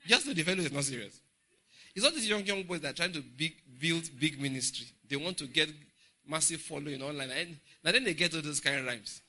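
A middle-aged man with a Nigerian English accent preaching a humorous, animated Bible study sermon in church. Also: on the high side, a little fast. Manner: humorous, laughing, animated storytelling. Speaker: pastor.

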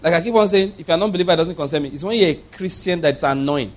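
High-voiced preacher, from murmurs to exhortation. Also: male voice, racing. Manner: swings between low murmurs and loud exhortation; asks the congregation rhetorical questions. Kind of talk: sermon.

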